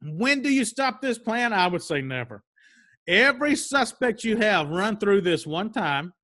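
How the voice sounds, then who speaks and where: High, bright-voiced plain-spoken male instructor. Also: big pitch swings, unhurried, dry recording, studio quality. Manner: plain-spoken, stresses key steps. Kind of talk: instructional talk.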